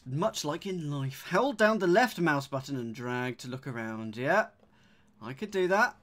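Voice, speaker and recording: A man's voice: a little high, animated, unhurried, fairly bright tone. A man streaming a puzzle game in a casual chat, cracking jokes and reading the on-screen text aloud. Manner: jokey, reads game text aloud with quips. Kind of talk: casual let's-play chat.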